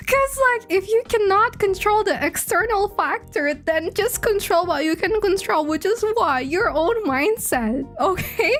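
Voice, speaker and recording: Woman, high voice, playful, rambling, giggly, streamer chat. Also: lively intonation, unhurried, few pauses, a bit bright, soft background music. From Indonesia. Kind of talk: casual chat.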